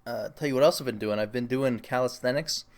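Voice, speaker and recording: A man's voice: medium pitch, a little fast. A young man hosting a solo podcast, chatting casually in a rambling, self-mocking, jokey way. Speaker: podcast host.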